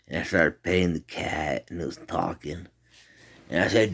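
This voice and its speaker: Casual male storyteller: deep voice, profane, animated, rambling. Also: normal speed. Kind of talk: casual retelling of a dream.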